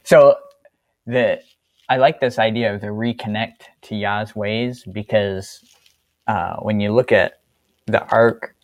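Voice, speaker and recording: A man with a fairly low-pitched voice co-hosts a casual Bible-study discussion in an easygoing way. The recording has no room sound.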